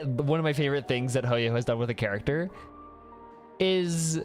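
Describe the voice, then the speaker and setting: A streamer with a Midwest mountain accent giving animated, rambling gameplay commentary full of restarts. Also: medium pitch. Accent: Midwest mountain American.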